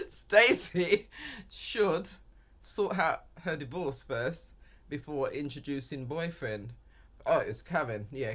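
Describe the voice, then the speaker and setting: A man talks through reality TV episodes in a loose, rambling way, laughing often as he reacts. His voice has a forceful, ringing brightness at an ordinary middle pitch. He sounds relaxed and at home. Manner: chatty, rambling, quick to laugh. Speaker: reality TV commentator. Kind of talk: casual reaction commentary.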